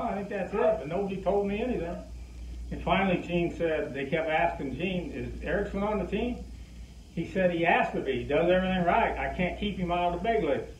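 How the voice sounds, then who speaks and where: An older man, a former pitcher, telling a lively anecdote and acting out the lines of the people in it. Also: slight background noise. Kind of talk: anecdotal storytelling. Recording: distant echoey muffled recording.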